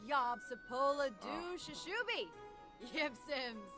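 A female game character chatters away in playful nonsense words. Her lilting voice rises a little high and swoops all over, slow and drawn out, with clear game music underneath. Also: expressive. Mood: chattering.

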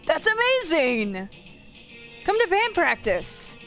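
A woman voicing an excitable, hyperactive young male fox from a game, shouting gleefully. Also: extremely high pitch, slow pace, faint music behind, voice pushed up, exaggerated voice. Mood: excited.

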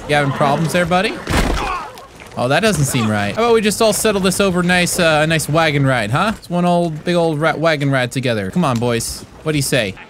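Goofy gamer guy narrating his playthrough, voice bounces all over, kinda high, yells silly threats at people. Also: a little hiss or hum. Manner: goofy, mock-serious, yelling playful threats at other players. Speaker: gaming YouTuber. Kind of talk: comedic gameplay commentary.

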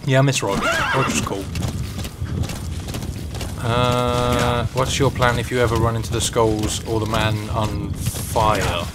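A man's voice: medium pitch, steady tone, slow pace, very noisy. A man giving casual, joking live-stream commentary while he plays and chats to the game's characters. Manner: joking, chatty, talks to the game characters. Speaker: gaming streamer.

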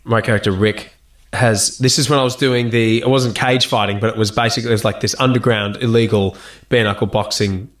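An Australian man, a guest actor and musician, chatting casually in an interview, telling lively stories, laughing and swearing freely. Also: on the low side, brisk. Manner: animated storyteller, laughs often, swears casually.

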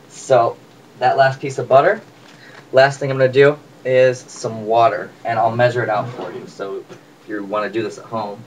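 Man cooking at home, chatty, playful asides, mid-pitched voice, a bit away from the mic, faint room noise. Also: fairly even intonation, normal speed, distant mic, poor audio. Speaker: home cook vlogger. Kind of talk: casual cooking demonstration. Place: home kitchen.

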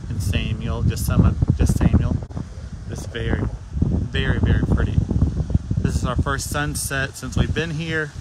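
A man's voice: medium pitch, fairly even intonation, a little slow. A man with a Southern US accent hosting a casual phone live stream on a beach, chatting and greeting viewers by name. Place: outdoors on a beach at sunset. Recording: loud wind and outdoor noise. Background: wind and outdoor noise.

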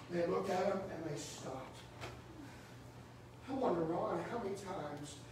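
A man preaching a sermon in a church, rising to shouts and dropping low. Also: noisy background. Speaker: pastor. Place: church sanctuary. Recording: echoey church room from far off.

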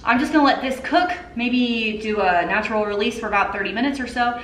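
A thirty-something mother chats casually with her viewers while cooking in her home kitchen, chatty and upbeat in a casual cook-along vlog. Her voice sits on the high side, a little fast and a bit bright. The echoey kitchen adds slight background noise.

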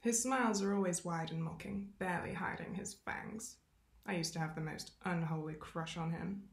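A woman's voice: fairly low pitch, normal speed, gravelly. A woman reading a novel aloud expressively, with self-aware asides. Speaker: reader. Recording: roomy echo.

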